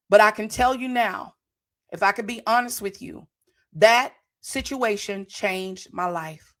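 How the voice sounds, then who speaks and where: A woman's voice: mid-range voice, expressive, a little slow, fairly bright tone. Fervent woman giving a preacher-like testimony. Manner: fervent, preacher-like, repeats phrases. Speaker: podcast host. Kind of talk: motivational testimony to live viewers.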